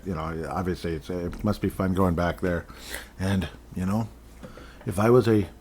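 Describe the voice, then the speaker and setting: A man's voice: on the low side, a little mellow. A man hosts a casual sports podcast from home. He rambles and jokes along, with frequent chuckles. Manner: rambling, jokey, chuckles often. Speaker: podcast host.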